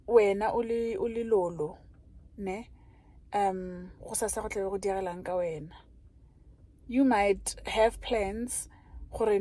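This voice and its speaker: A woman's voice: mid-range voice, dark tone, poor audio. A woman chatting in a heartfelt, chatty way to her vlog viewers, calling them guys. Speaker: vlogger. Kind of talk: casual vlog chat.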